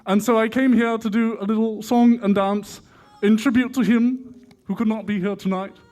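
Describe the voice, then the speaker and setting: A man performing a flamboyant stage character who is excited to announce his wedding to a theater audience. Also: sits high, normal speed, lightly acted. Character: flamboyant male stage persona about to marry. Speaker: talent show contestant. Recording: live stage mic with music behind.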